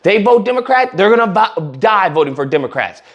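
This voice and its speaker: A man's voice: high-pitched, big pitch swings, a little fast, dull audio. A man hosting casual political commentary, blunt and sarcastic, rambling in his delivery.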